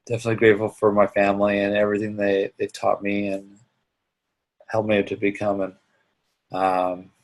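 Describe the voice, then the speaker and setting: A middle-aged man with a gravelly, lowish voice leads an online business class. He talks earnestly and haltingly, restarting his sentences often as he shares personal reflections with his students. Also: monotone. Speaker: instructor. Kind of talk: online live class talk.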